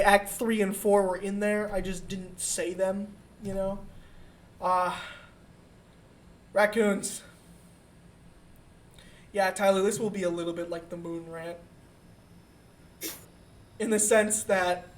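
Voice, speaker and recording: Woman on a podcast telling a crazy story, lots of swearing, super animated, laid back chat. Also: mid-range voice, takes it slowly, long pauses. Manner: profane, animated, exaggerated storytelling. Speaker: podcast co-host. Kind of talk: casual comedic storytelling.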